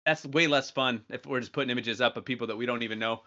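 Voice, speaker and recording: Bright-voiced rambling man, lo-fi. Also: mid-range voice, fast talker. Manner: rambling, many fillers and restarts. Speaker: podcast co-host. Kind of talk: casual chat.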